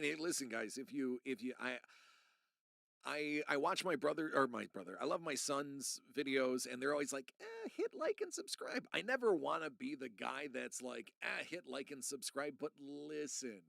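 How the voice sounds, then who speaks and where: Middle-aged man, gravelly, rambling and earnest live-stream host, dry close sound. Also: mid-range voice, a bit bright, dry recording. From United States. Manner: rambling and earnest, talking straight to chat. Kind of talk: casual live-stream chat.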